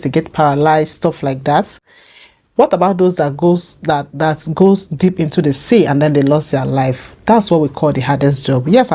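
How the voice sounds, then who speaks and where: A young woman commenting on a comedy clip in a low, mellow voice. She speaks earnestly and circles back to hammer home her points. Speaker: reaction channel host. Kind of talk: casual reaction commentary.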